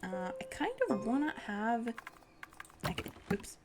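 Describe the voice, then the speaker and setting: A woman's voice: on the high side, expressive, slow. A young woman streaming a building game, chatting casually and narrating what she does with bubbly giggles. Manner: bubbly, giggly, narrates her own actions aloud. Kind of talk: casual gameplay chat. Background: background music.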